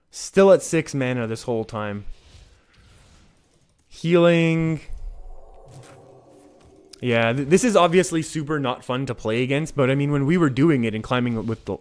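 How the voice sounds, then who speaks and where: Streaming a card game, a Canadian-accented man with a mid-range voice keeps up a casual, talkative commentary. He frequently laughs at his own remarks and begins sentences again while addressing his chat.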